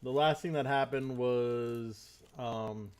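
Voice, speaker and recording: Relaxed man chatting with viewers. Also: medium pitch, slow, a little hiss or hum. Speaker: streamer. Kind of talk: casual stream chat.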